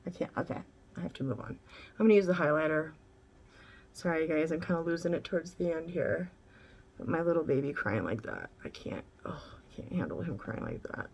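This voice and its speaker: A woman's voice: low voice, vocal fry, slight background noise. A woman vlogger chatting casually through a makeup tutorial, candid and rambling, swearing now and then.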